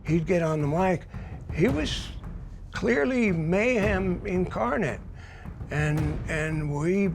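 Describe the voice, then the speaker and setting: A man interviewed for a documentary, recalling the past in a deliberate, wry way. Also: high voice, lively intonation, vocal fry, background noise. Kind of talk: reflective interview recollection.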